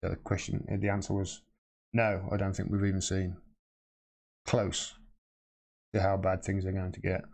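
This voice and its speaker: A man's voice: sits low, completely flat delivery, normal speed, gravelly, long pauses, a little mellow. A man hosting a live stream, answering viewer questions in blunt, impassioned casual talk and swearing freely.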